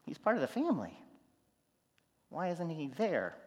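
Pastor preaching in an echoing hall. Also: male voice, fairly high pitch, moderate pace. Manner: storytelling, shifts from loud animated to soft. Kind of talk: sermon.

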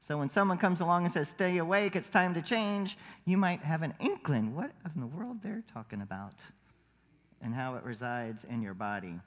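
A man's voice: mid-range voice, very animated, normal speed. Man preaching in a reverberant sanctuary. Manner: conversational, asks the congregation questions. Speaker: pastor. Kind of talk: sermon. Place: church sanctuary.

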